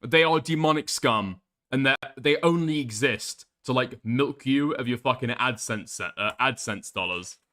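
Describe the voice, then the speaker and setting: A man's voice: mid-range voice, measured pace, pushed and bright. A man streaming live, reacting to a video with crude, mocking commentary and frequent laughter.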